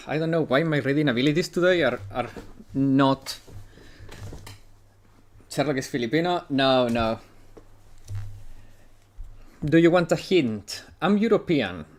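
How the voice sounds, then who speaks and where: A man's voice: mid-range voice, measured pace, pauses often. A young man from Italy chatting casually with his live chat while playing and reading a game aloud. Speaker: gaming streamer. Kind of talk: casual livestream commentary and reading.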